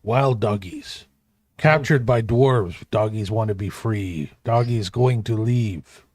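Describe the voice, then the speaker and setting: A man doing a gruff broken-speech companion. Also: lowish voice, takes it slowly, darkish tone, no room sound, voice pushed down. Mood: plain. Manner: broken simple phrasing.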